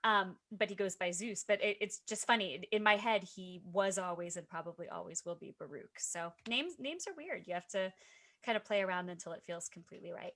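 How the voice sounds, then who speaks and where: A woman's voice: medium pitch, brisk, fairly bright tone. A woman author talking as a guest on a video call, chatty and self-deprecating, with many fillers and restarts. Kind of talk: casual video chat.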